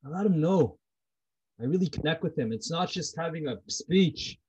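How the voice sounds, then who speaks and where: A husky, slightly higher-pitched man talks about his faith in an intense, repetitive way. He is blunt and swears without holding back. The sound is dull and lo-fi. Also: expressive, normal speed, a little mellow. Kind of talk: heartfelt personal talk about prayer.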